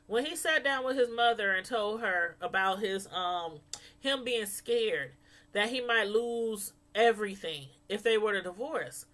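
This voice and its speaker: Chatty bright-voiced woman vlogger. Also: medium pitch, animated, unhurried. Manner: chatty, laughs a lot, mimics people in quotes. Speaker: vlogger reviewing a reality show. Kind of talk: casual chat to viewers.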